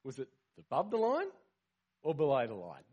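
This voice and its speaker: Husky-voiced man preaching conversationally. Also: medium pitch, moderate pace, highs cut off. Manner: conversational, rhetorical questions, animated emphasis. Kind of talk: sermon.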